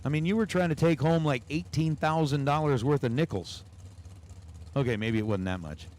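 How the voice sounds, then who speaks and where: A man's voice: on the high side, moderate pace, darkish tone. A man announcing drag races on a livestream, calling numbers and chatting with viewers between runs. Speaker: race announcer. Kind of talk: livestream race commentary with chat.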